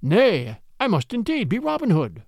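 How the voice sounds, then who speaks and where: A man voicing a simple, bewildered cobbler who speaks in a slow, wondering way. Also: high-pitched, huge pitch swings, creaky, a little mellow, dry recording, studio quality, pitched above the performer's own voice, full character voice.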